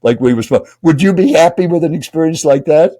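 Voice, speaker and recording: A man's voice: fairly high pitch, fast talker, mellow. An older man, a speaking coach and guest, telling a dramatic story while speaking directly to the listener. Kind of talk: animated storytelling.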